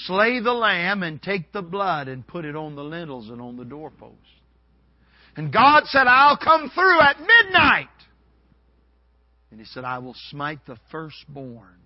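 A man preaching a sermon, moving between hushed low passages and loud, shouted dramatic ones. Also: no room sound, lo-fi sound.

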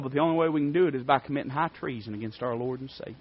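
A fervent male preacher, his voice a touch high. He swings from quiet asides to booming declarations. The recording is dry and dull. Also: rapid-fire, hardly any pauses, breathy edge, dry recording. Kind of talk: sermon.

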